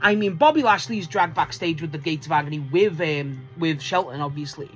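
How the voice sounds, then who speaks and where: A man's voice: a little high, brisk, fairly bright tone, faint music behind. A man reviewing a wrestling show in a casual, rambling way, swearing often and laughing mid-sentence. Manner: rambling, full of restarts and filler.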